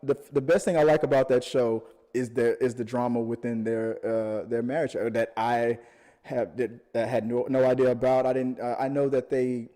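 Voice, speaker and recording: A man's voice: mid-range voice, normal speed. Joking man co-hosting a podcast. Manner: animated, jokey, laughs often. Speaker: podcast co-host. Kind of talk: casual chat.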